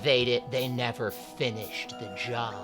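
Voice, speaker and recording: A streamer in casual gaming chat with friends, talking in a halting way full of fillers and restarts. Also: medium pitch, fairly even intonation, loud music behind the voice. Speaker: streamer playing a factory-building game with friends.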